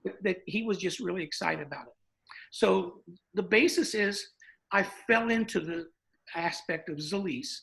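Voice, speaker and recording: A man's voice: high voice, normal speed, gravelly, a bit bright, poor audio. A man in his sixties with a Southern American accent, a dentist guest telling his story in a folksy, chatty way. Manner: folksy, chatty, recounts with quoted dialogue. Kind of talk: casual interview storytelling.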